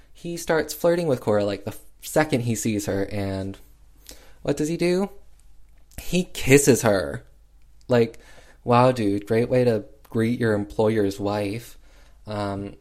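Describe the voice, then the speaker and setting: Slow, sassy man recapping a film. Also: mid-range voice. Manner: sassy, chatty, lots of "like" and "um". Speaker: film reviewer.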